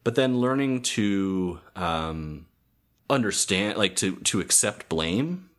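A man casually retelling a cartoon episode on a podcast, halting with many restarts and fillers. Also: lowish voice, lively intonation, fairly bright tone. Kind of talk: casual chat.

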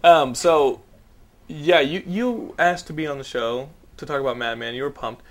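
A man's voice: a little high, moderate pace. A young man hosting a podcast, telling a story animatedly, acting out voices, swearing and laughing. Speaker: podcast host. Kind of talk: casual chat.

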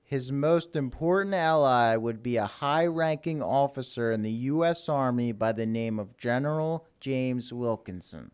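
Smooth-voiced man reading history notes. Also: mid-range voice, animated, a little slow, hardly any pauses, darkish tone. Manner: reads the script steadily, then drops into casual asides. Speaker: podcast host.

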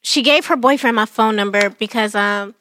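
A young woman co-hosting a casual chat, chatty and quick to laugh. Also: fairly high pitch, fairly bright tone, a little hiss or hum. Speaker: podcast co-host.

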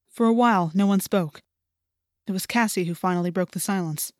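A woman reading a first-person audiobook in a tense, measured storytelling voice, recorded on a close studio mic. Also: medium pitch, a little mellow, no echo. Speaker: audiobook reader.

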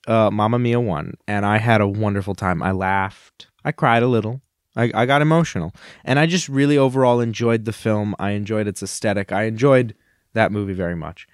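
A man's voice: lowish voice, no echo, clean studio sound. A man co-hosting a casual comedy podcast. He talks in an earnest, rambling way and drifts into grand speeches for laughs. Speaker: podcast co-host.

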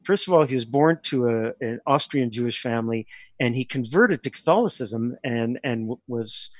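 A man's voice: medium pitch, moderate pace, dry recording, dull audio. A man, a composer and pianist, talking as an interview guest, discursive and restarting often. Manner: discursive, restarts often, animated with rising questions. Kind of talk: reflective conversational interview.

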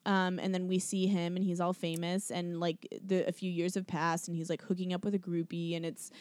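A woman in casual podcast chat, talking fast with lots of fillers and laughs. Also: lowish voice, flat delivery, a little mellow, dry recording. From not from the American South. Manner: chatty, filler-heavy, laughing often.

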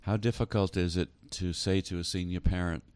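A man's voice: low-pitched, fairly even intonation, fairly quick, darkish tone, clean tone, no room sound. A man hosting a talk show interview, asking earnest questions with frequent hesitations. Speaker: host.

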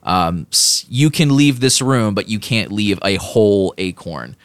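Casting: deep-voiced male game master, loose and rambling, dry close sound. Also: lively intonation, a little slow, smooth, no room sound. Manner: rambling, many fillers and restarts. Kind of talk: narrating a tabletop game.

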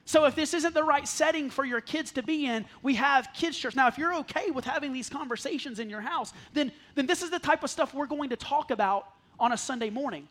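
A man's voice: very high-pitched, fairly quick, few pauses, a bit bright. A man who is a pastor preaching a sermon to a congregation, earnest, often repeating words as he restarts. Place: church service before a congregation.

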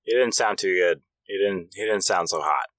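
A man's voice: deep voice, fairly bright tone, no echo. A man co-hosting a podcast in casual chat, tossing in short quips and asides. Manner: dry quick quips and asides. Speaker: podcast co-host.

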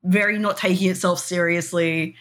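In a lowish, slightly bright voice with a steady tone, a woman co-hosts a podcast at a moderate pace. The talk is casual chat, full of giggles and rambling fillers.

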